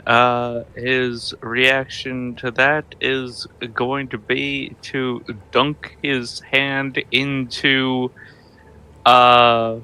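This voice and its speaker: Male tabletop player, slow and rambling, gravelly and sharp-toned. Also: mid-range voice, low-quality recording. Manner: rambling, hesitant. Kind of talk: playing a tabletop game.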